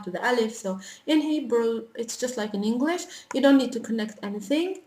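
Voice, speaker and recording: A language teacher with an Arabic accent and a slightly high voice gives a slow whiteboard alphabet lesson, patiently talking as she writes and fixing her own small slips. The room is echoey with faint noise.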